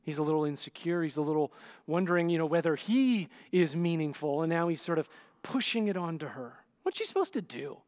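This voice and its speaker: A man's voice: a little high, lively intonation, fairly quick, darkish tone. A male pastor giving a conversational sermon, often checking in with the listeners and acting out scenes. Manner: dramatic, acts out scenes.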